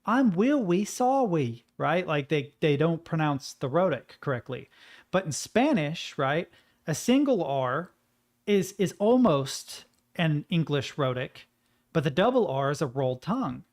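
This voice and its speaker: A young man chats loosely while he plays a game, drifting from thought to thought. His voice sits a touch higher than most men's, and he drops the odd curse without much weight behind it. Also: animated, a little slow. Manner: rambling, musing, swears casually. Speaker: gaming streamer. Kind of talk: casual gaming commentary.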